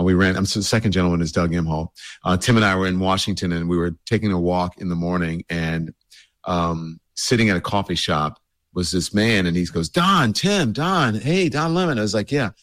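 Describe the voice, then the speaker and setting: A man with a low voice and a scratchy, cold-roughened throat talks casually to his viewers. He rambles and leans on fillers as he hosts, and the recording is dry and close. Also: no room sound. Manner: loose and rambling, many fillers. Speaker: show host. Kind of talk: casual address to a livestream audience.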